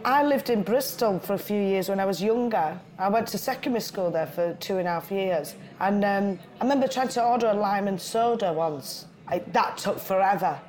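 Guest: Bolton-accented woman, 40s, animated storyteller, casual chat. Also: mid-range voice, normal speed, hardly any pauses. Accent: Lancashire (Bolton). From Bolton, Lancashire. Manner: lively, chatty storyteller with quoted voices. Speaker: guest, writer and comedian. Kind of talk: casual conversation.

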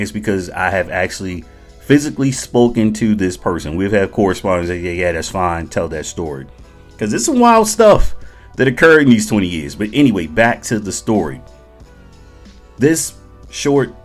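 Middle-aged male veteran, deep voice, lively casual podcast storytelling. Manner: conversational, addresses listeners directly, chuckles often.

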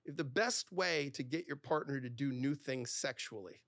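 A man, a divorce lawyer, talking candidly as a podcast guest, animated and acting out the dialogue in his stories, with lots of "like". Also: medium pitch, normal speed, dry recording, studio quality. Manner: animated storyteller who acts out quoted dialogue, heavy use of "like".

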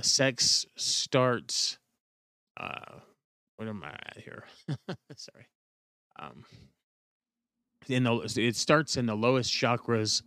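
A man hosting a solo podcast monologue, explaining in a loose, relaxed way with frequent fillers and self-corrections. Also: mid-range voice, slight background noise. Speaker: podcast host.

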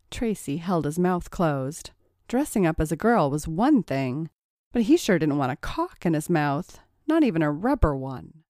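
A woman narrating an adult audio story in a steady, even storytelling manner. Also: sits low, no room sound, clean studio sound. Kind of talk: erotic audio story reading.

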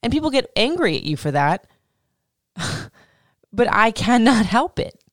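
A woman's voice: fairly high pitch, big pitch swings, unhurried, no room sound, studio quality. A woman podcast host in her thirties giving casual, candid advice, swearing freely and laughing often.

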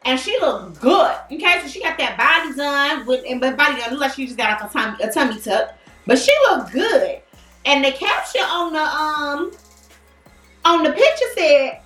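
A woman hosting a casual celebrity gossip chat, talking in an animated, slangy and playful way. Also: high voice, moderate pace, faint music behind. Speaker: podcast host. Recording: echoey room, far from the mic.

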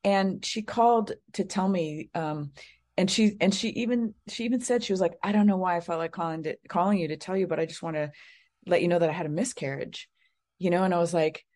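On an interview show, a psychic medium in middle age recounts something from her own life in a relaxed way. She talks fairly quickly in a fairly low, darkish voice, filling her speech with fillers and drifting into asides.

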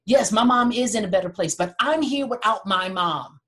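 A middle-aged woman hosting a podcast, telling a personal story in an earnest, animated way and acting out what others said. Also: mid-range voice, moderate pace. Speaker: podcast host. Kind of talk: heartfelt conversational talk.

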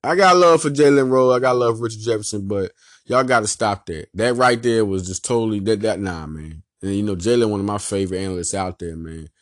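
A man with a Philadelphia accent hosting a sports podcast, ranting in an animated, emphatic, slangy way and repeating his points. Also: lowish voice, fairly quick, no room sound, studio quality. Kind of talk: casual sports rant.

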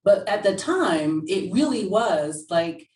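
A woman's voice: medium pitch, sing-song, slow pace, darkish tone, recorded from a distance. A woman chatting candidly as an interview guest, telling stories animatedly and laughing often. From England. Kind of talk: casual interview chat. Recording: roomy sound from away from the mic.

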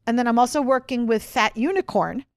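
Bubbly, higher-pitched woman co-host. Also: fairly quick, dry recording, studio quality. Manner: chatty, excitable, trails off mid-sentence. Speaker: podcast co-host. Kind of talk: casual chat.

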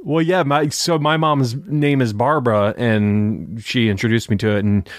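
A man's voice: mid-range voice, fairly even intonation, moderate pace, dry recording. Rambling male podcaster, dry close sound. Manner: rambling, full of fillers like "you know". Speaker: podcast co-host. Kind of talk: casual film discussion.

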